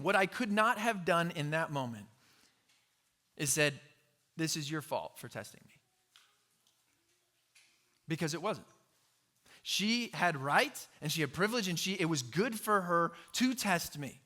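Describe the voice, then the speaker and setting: Bright-voiced male pastor preaching. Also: fairly high pitch. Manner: conversational storytelling with laughs and asides. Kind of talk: sermon.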